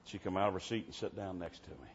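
A man preaching a revival sermon in church, telling stories and swinging from soft-spoken to shouting. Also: deep voice, fast talker. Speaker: traveling preacher. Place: church service. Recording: dull muffled sound with faint background hiss.

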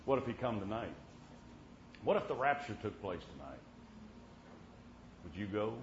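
A man's voice: fairly low pitch, sing-song, normal speed. Folksy preacher man telling a story. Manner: folksy, punctuates with amen, swings loud to hushed. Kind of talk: sermon storytelling. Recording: muffled lo-fi with faint hiss.

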